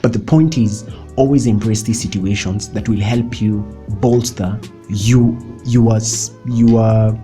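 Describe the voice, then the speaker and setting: A young man talks through self-help tips in a relaxed vlog, his voice low-set and mellow. He keeps it chatty and joking, chuckling at himself as he goes, with soft music playing underneath. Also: measured pace. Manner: chatty and playful, laughing often, mixing in Swahili slang. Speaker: vlogger. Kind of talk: casual motivational vlog talk.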